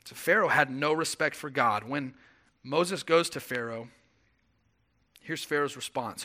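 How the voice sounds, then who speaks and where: Bright-voiced young pastor preaching. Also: male voice, medium pitch, a little slow, long pauses. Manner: animated storytelling, acting out quoted voices. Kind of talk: sermon.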